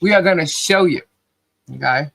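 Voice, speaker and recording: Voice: mid-range voice, normal speed, gravelly, a bit bright. A podcast co-host chatting casually on a livestream, cheerfully calling out viewers' names and laughing often.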